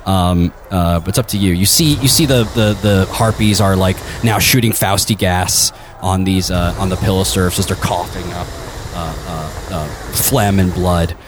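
A man's voice: low-pitched, normal speed, noisy background. Man narrating a crude tabletop game. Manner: rambling with many fillers, crude and laughing. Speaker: game master.

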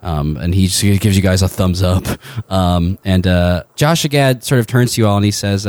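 A man narrating as game master in a tabletop game, halting with many fillers. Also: low-pitched, a little mellow, no echo.

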